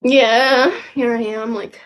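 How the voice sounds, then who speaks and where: A woman's voice: fairly high pitch, fairly even intonation, slow pace. A woman in her sixties rambling casually at home in a goofy, self-mocking way, swearing freely and drifting now and then into whispers. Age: 60s. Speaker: vlogger. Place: home room.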